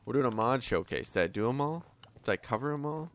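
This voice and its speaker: A man's voice: medium pitch, animated, quick pace. A man hosting his own gameplay channel, chatting casually and swearing freely, his voice tired from many takes. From Canada. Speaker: gaming channel host. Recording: faint background music.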